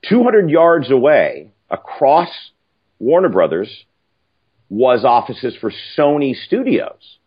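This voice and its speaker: An older man telling stories casually, animated and profane, acting out other people's lines. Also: mid-range voice, slow, breathy edge. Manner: animated, profane, acts out quoted voices. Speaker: film writer-director guest. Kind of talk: casual anecdotal storytelling. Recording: muffled lo-fi audio.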